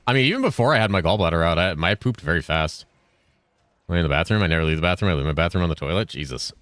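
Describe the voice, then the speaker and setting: A man streaming games and chatting casually with his viewers, with dry, fairly monotone banter. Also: sits low, rapid-fire, dry recording. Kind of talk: casual chat while gaming.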